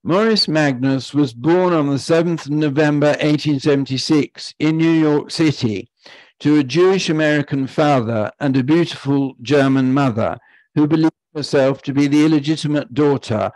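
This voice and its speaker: Measured man reading a lecture. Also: fairly high pitch, a little mellow, no room sound, low-quality recording. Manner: measured, deliberate reading with quoted passages.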